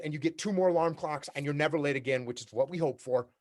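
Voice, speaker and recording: Man, keynote speaker, fairly high voice for a man, blunt and plain-spoken, acts out workplace exchanges. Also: fast talker. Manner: direct, repetitive, acts out workplace dialogues. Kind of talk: leadership keynote talk. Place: remote talk for a virtual summit.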